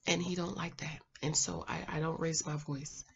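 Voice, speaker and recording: A woman in her thirties hosting her own channel, chatting like a girlfriend as a relationship mentor and often dropping to a soft, calm voice. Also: normal speed, gravelly, highs cut off, slight background noise. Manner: chatty, sisterly, drops to a soft low voice to demonstrate. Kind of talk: casual chat to camera.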